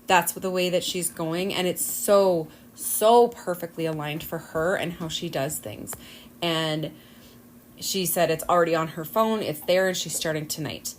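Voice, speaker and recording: A woman's voice: lowish voice, a little slow, roomy sound, slight background noise. A woman hosting her own podcast at home, talking in an earnest, effusive, rambling way with plenty of fillers. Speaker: podcast host. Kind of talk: casual podcast monologue.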